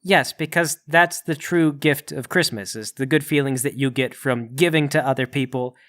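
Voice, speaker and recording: A man's voice: medium pitch, normal speed, a bit bright. A man playing his character in a comedic tabletop game, speaking in an overly polite, formal way. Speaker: player.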